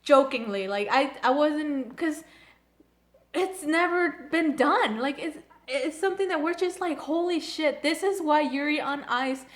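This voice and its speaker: A young woman reviewing an anime episode in casual chat, gushing and excitable, full of "like" and restarts. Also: high-pitched, unhurried. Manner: gushing, filler-heavy, excitable.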